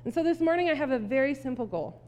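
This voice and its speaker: A woman pastor giving a sermon in a conversational, animated storytelling manner. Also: high-pitched, quick pace. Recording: long hall reverb.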